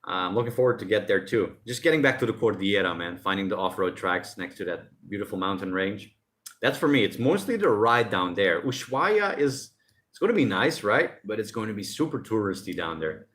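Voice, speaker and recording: A man's voice: on the low side, big pitch swings, fairly quick, fairly bright tone. A man hosting a casual live stream outdoors by the ocean, reading out chat messages and chatting loosely with lots of jokes. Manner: loose, rambling and jokey, often laughing.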